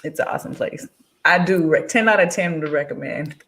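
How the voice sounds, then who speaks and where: Woman, lowish voice, relaxed guest chat with frequent laughs. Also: a little fast. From Texas, USA. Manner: chatty, laughs often, animated when quoting others. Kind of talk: casual conversational interview.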